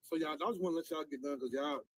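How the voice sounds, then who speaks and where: A man's voice: on the high side, fast, no room sound, rough recording. A man in a comedy skit, talking earnestly and trying to keep the peace. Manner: earnest, mediating.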